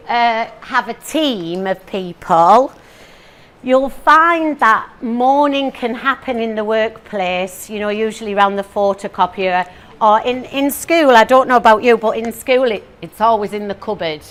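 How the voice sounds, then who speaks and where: A woman in her forties from northern England giving a comic motivational talk to a live audience, playful and chatty, teasing the crowd with questions and asides. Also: fairly high pitch. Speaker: motivational speaker.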